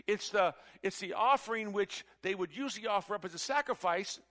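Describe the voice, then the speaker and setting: A man preaching a sermon, animated and emphatic, with frequent rhetorical questions. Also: high-pitched, fairly quick.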